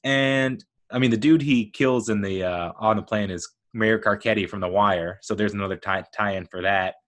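A man with a fairly low voice hosts his own movie podcast. He rambles through his thoughts, cracking jokes, breaking off mid-sentence and jumping in pitch when he gets excited. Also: moderate pace. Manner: rambling, jokey, animated, self-interrupting. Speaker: podcast host. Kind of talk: solo casual movie commentary.

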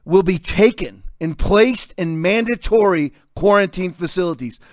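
A man's voice: sits high, a bit bright, dry recording, studio quality. A man in his fifties hosting a talk show, delivering combative, sarcastic commentary. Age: 50s. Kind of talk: opinionated commentary.

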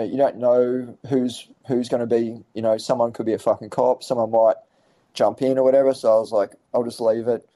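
A man's voice: mid-range voice, mellow, no room sound, rough recording. A man telling rambling stories in a casual podcast chat, swearing freely and restarting his sentences often. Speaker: podcast guest.

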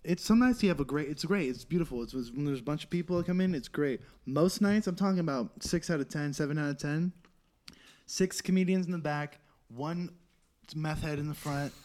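Speaking a little fast in a fairly high voice, this young comedy podcast host keeps things casual. His storytelling is animated, packed with swearing and frequent laughs.

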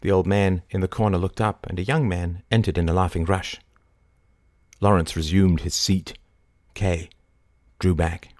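A man narrating a novel in a low, measured storytelling voice. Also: fairly even intonation, a little mellow, dry recording, studio quality. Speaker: audiobook narrator. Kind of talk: scripted narration.

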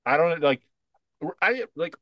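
A man's voice: animated, slow pace, sharp tone, no room sound. Dry-voiced man in mocking chat. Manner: mocking, acts out ad lines in high put-on voices. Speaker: podcast co-host. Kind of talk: casual opinionated chat.

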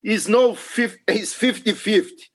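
Male guest, high voice, emphatic and earnest. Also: measured pace, fairly bright tone. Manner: earnest, broken non-native English, emphatic. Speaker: podcast guest, jiu-jitsu referee. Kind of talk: casual interview talk.

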